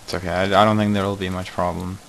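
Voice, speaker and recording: A man's voice: sits low, little pitch movement, fast, gravelly, fairly bright tone, slight background noise, rough recording. A man hosting a casual game video, joking and exclaiming at each mishap while he plays. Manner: jokey, exclaims at mishaps, mutters asides. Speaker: gaming video host. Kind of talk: casual let's-play commentary.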